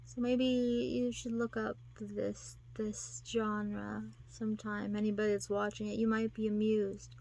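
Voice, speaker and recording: A woman's voice: mid-range voice, flat delivery, measured pace, vocal fry, hardly any pauses, warm tone. A woman talking casually to her viewers, rambling and giggling, acting out quotes in put-on voices. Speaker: vlogger. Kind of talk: casual monologue to camera.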